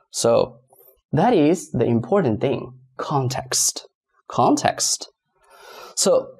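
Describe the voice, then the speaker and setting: Gravelly, lively male teacher. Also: mid-range voice. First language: Mandarin Chinese. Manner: asks rhetorical questions and gives examples. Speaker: language teacher. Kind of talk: explanatory online lesson.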